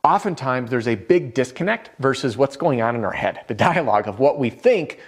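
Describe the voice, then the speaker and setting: A man's voice: mid-range voice, expressive, brisk, husky. A man giving a direct, upbeat sales coaching lesson to camera, with a self-deprecating touch. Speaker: sales trainer.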